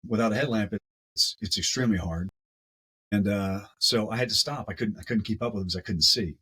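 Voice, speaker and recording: A man with a low, husky voice, a guest on a podcast telling a story. He talks casually and with animation, doubling up words as he goes. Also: fairly quick, bright, forceful tone, rough recording.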